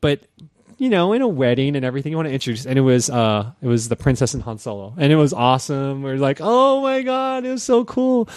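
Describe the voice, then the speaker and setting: A man's voice: mid-range voice, fast talker, dry recording. A man co-hosting a casual podcast, telling a long story with lots of swearing and acting out other people's voices. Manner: lively, profane, animated storyteller who acts out voices. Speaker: podcast co-host.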